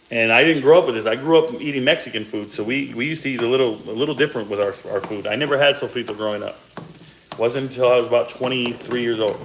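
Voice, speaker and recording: A man in his forties talks loosely to his viewers as he cooks, drifting into side stories between steps. His voice sits at an ordinary middle pitch, with the occasional cough from a sore throat. A faint sizzle of frying food runs underneath. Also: fairly bright tone, slight background noise, rough recording. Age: 40s. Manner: chatty, rambling asides while cooking. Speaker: cooking vlogger. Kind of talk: casual cooking chat to viewers. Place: home kitchen, cooking at the stove.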